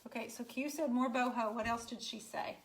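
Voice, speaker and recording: Casting note: woman furniture painter on a live stream, chatty and teasing, voice a touch high, talking to viewers from her garage. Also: fairly even intonation, fairly quick. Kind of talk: casual live-stream chat. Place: home garage.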